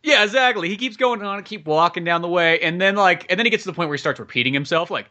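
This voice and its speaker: A young male podcast co-host chats casually, telling a story at a rapid-fire clip with few pauses and acting out the characters in high, raised voices. The audio is dull.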